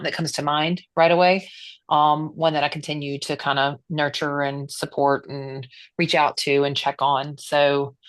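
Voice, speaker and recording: A low-voiced woman joins an online meeting from her phone and talks earnestly, with many pauses and fillers. Her voice sounds dry and close to the mic. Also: a bit bright, dry recording. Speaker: workshop participant, past organization president. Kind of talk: casual sharing in an online meeting.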